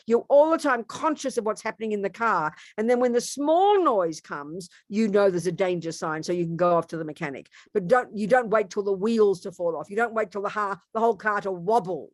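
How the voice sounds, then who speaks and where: A woman's voice: no room sound, studio quality. A woman, a Buddhist nun, giving an emphatic, conversational dharma talk full of rhetorical questions. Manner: emphatic, animated, wide swings in pitch and loudness; conversational, repeats herself and asks rhetorical questions.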